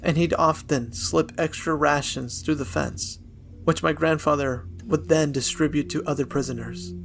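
A man narrating a dark family story in a measured, somber storytelling manner. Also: a little high, steady tone, vocal fry, a little hiss or hum. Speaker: narrator, podcast host.

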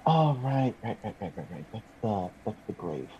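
Man, tabletop player, mellow low voice, hesitant, muffled mic. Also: sing-song, normal speed, a little hiss or hum. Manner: hesitant, asks questions with fillers. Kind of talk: casual tabletop game talk.

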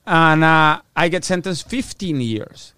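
Man, spanish-influenced accent, storytelling, voices his quotes, fairly high voice, dry sound. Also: slow pace, clean tone, no echo. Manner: animated, acts out quotes, swears. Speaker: guest. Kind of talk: casual storytelling.

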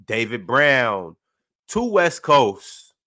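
Male panel host, mid-pitched and dry, reads chat comments fast. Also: big pitch swings, pushed and bright, no echo. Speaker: podcast host reading viewer comments.

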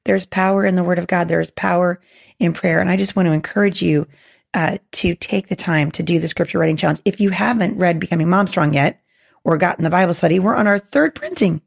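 A woman hosting a faith podcast, hoarse with a gravelly voice, earnest and encouraging with many restarts. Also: lowish voice, brisk. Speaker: podcast host.

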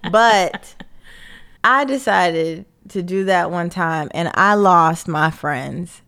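A young woman co-hosting a casual chat, telling self-mocking stories in an animated way. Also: fairly low pitch, takes it slowly, smooth. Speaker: podcast co-host.

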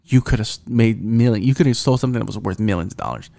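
A man's voice: on the low side, rapid-fire, gravelly, mellow. A young man hosting a solo podcast, rambling and swearing, with many fillers and restarts. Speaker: podcast host. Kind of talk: casual solo podcast rant.

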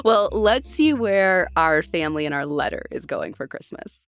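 A woman hosting a casual comedy podcast, bubbly and quick, laughing often. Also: lowish voice, big pitch swings. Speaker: podcast host.

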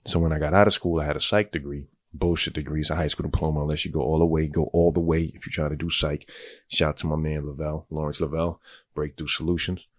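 A man's voice: rumbling low, level tone, fast, no echo. A man telling a long, rambling personal story in casual, profane street talk. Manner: rambling, streetwise, goes on tangents.

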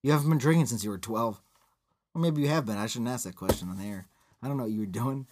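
A man's voice: mid-range voice, quick pace, a little mellow. A man, co-hosting a podcast in casual banter, rambling and sarcastic with frequent swearing. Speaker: podcast co-host.

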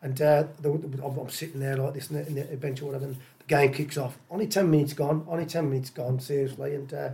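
A middle-aged man tells football stories in a loose, chatty way, acting out what people said to him. His voice sits a touch high for a man, and he rattles through the tales with easy good humour. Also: fast talker, vocal fry, few pauses. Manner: chatty, animated anecdotes with acted-out dialogue and laughter. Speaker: interview guest, former footballer. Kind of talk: casual storytelling.

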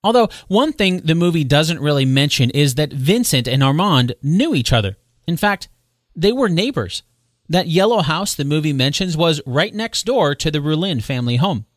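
A man hosting a solo podcast, retelling history in a conversational way with quick asides and self-corrections. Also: on the high side, sing-song, dry recording, studio quality. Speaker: podcast host. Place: home recording space.

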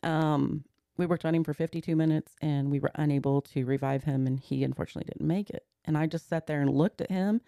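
A woman's voice: low-pitched, steady tone, fast, vocal fry, dark tone, dry recording, clean studio sound. A woman in her forties, a podcast guest, earnestly recounting a personal story step by step and slipping into the words of the people in it. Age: 40s.

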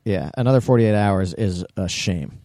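A brash, teasing man in loose podcast chat, swearing freely. His voice sits low and sounds mellow and dark. The sound is dry and close. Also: expressive, normal speed, no echo. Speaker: podcast co-host. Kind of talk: casual chat.

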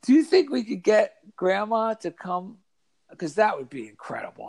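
A man telling an animated story in a casual chat, acting out the voices of kids and of himself. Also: high-pitched, normal speed, gravelly. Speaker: author and guest.

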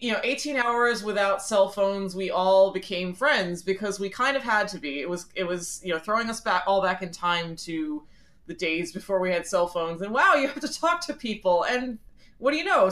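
A woman in her forties from the Philadelphia area, heard over a phone call as a podcast guest. She talks frankly and pokes fun at herself, with plenty of ums and restarts. Her voice sits at a middle pitch. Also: moderate pace, a bit bright. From Philadelphia area, USA. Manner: chatty, frank, self-deprecating, with many fillers. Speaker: interview guest. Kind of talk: conversational interview answers.

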